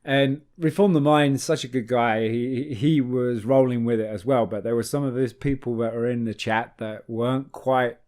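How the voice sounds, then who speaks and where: A man co-hosting a casual gaming podcast, rambling with frequent restarts, swearing and lively asides. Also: mid-range voice, moderate pace, few pauses. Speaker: podcast co-host. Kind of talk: casual chat.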